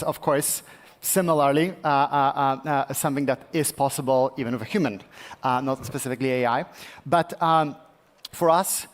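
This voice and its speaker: A man answering as a tech company guest in a live on-stage interview, earnest and halting, with many restarts and fillers. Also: mid-range voice. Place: conference stage at a summit.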